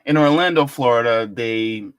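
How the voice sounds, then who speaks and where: A man hosting a live-stream politics show, chatting casually, animated and jokey as he reads out the chat. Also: medium pitch, normal speed, clean tone.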